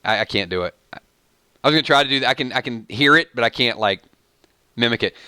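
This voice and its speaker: A man's voice: medium pitch, animated, fast, bright, forceful tone, clear, resonant tone, dry recording. A man with a Southern US accent hosting a live stream, chatting casually and joking as he reads viewer comments aloud.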